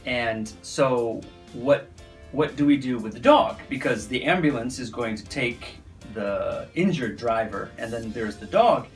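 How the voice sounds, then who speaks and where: Middle-aged American man, storytelling teacher type, lively and animated, soft guitar faintly behind. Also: medium pitch, unhurried. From United States. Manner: animated, acts out sounds and voices in his stories. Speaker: university English teacher. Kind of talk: casual storytelling.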